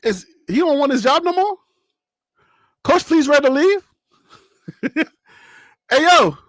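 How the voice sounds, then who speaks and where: High-voiced man hosting a sports stream. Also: moderate pace, no echo, clean studio sound. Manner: animated, talks straight to viewers and chat, laughs often. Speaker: sports channel host. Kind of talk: casual live-stream commentary.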